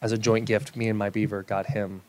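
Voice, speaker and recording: A man's voice: lowish voice, level tone, brisk, darkish tone. A young man chatting as a podcast guest, rambling through stories and laughing at himself. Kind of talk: casual podcast chat.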